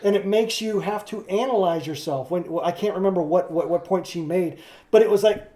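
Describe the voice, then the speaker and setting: A man co-hosting a podcast who speaks earnestly in casual chat, halting with many restarts. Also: high voice, mellow. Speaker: podcast co-host.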